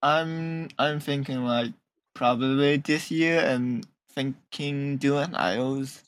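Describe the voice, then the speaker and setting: Slow-talking man joking with friends. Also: medium pitch, dry recording. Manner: joking, laughs often, slow drawn-out phrasing. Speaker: podcast co-host. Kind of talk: casual chat among friends.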